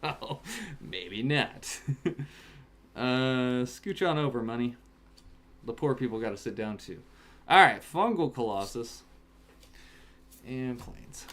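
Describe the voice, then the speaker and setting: Relaxed slow-talking man streaming card openings. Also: medium pitch. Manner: chatty, bursts into excited shouts over good pulls. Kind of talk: casual stream chat. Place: home, in Alaska. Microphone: webcam setup.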